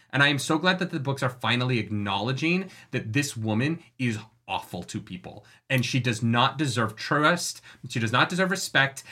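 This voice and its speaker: In a casual book discussion podcast, a co-host with a medium-pitched, sharp voice rants passionately and swears a lot. She acts out the characters being quoted.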